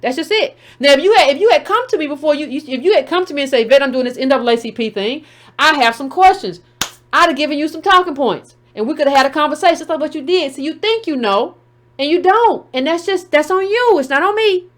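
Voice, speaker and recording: A woman host with a high-pitched voice and talks back to a caller. She is blunt and combative and repeats herself to keep the floor. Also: expressive, fast talker. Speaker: show host taking calls. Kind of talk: heated call-in show commentary.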